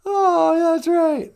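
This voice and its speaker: A woman's voice: extremely high pitch, creaky, a little mellow. A woman co-hosting a casual live stream, laughing often as she chats and reads out viewer comments. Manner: laughs often while talking. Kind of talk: casual chat with chat readers.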